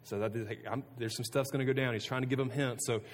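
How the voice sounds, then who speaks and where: A youth pastor giving a casual sermon to students, earnest and conversational, often restarting sentences. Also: male voice, medium pitch, steady tone, fast talker, a little hiss or hum. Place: room with a student audience. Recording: long reverb of a hall.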